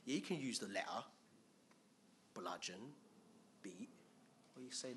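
A man preaching a conversational sermon, animated and thinking aloud, switching between loud emphasis and quiet asides. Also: on the low side, measured pace, a little hiss or hum. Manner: thinks aloud with restarts and acts out quotes.

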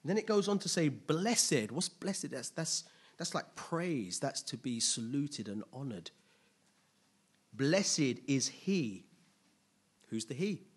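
A man preaching a sermon, asking rhetorical questions, making playful asides and building to loud, emphatic peaks. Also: mid-range voice, sing-song, slow pace, husky. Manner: casual asides with playful humor.

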